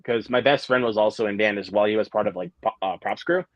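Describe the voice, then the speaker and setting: A man's voice: fairly low pitch, fast talker, dry recording, dull audio. A young man hosting a casual live-stream chat, rambling through stories with lots of fillers and restarts. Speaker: host.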